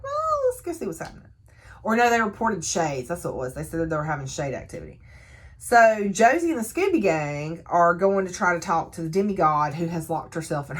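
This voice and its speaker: A woman casually recapping a novel, telling the story in an animated way with laughs and asides. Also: deep voice. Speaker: book reviewer.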